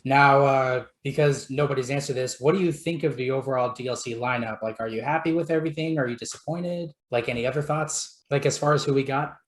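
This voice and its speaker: A man's voice: medium pitch, a little fast, hardly any pauses. A man hosting a casual podcast about video games, chatty and full of filler words. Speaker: podcast host. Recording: roomy echo.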